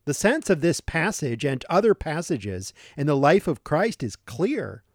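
A man preaching a sermon, teaching from scripture in a deliberate, emphatic way that leans on key words. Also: a little high, sing-song, no room sound, clean studio sound.

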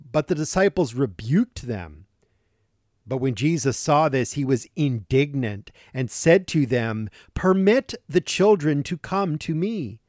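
A male preacher delivering a sermon at a slow, unhurried pace, pressing hard on key words. His voice sits at a middle pitch. It is recorded close and dry, with no room sound. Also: dry recording. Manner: slow, deliberate and emphatic, stressing key words. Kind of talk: sermon teaching from scripture.

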